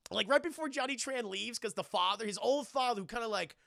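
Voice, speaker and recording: A man's voice: extremely high pitch, fast talker, creaky, a bit bright, no room sound, clean studio sound. A man streamer recapping a film in a casual, profane, rambling, joking way.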